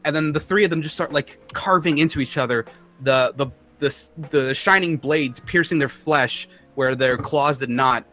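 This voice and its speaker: A man's voice: a little high, normal speed, a bit bright, faint music behind, rough recording. A man narrating as game master of a tabletop game, describing scenes in a loose, descriptive way with many fillers.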